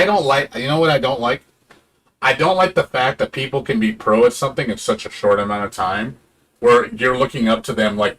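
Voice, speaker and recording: A man's voice: fairly low pitch, a bit bright. A man streaming a game, ranting in a casual, profane and sarcastic way, now and then mocking other people in put-on voices.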